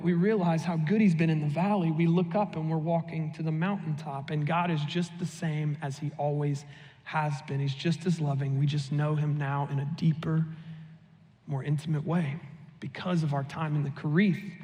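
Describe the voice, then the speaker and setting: High-voiced young man preaching with humor. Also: steady tone, moderate pace, dark tone. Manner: humorous, conversational storytelling. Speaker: pastor. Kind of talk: sermon. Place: church sanctuary. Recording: long hall reverb.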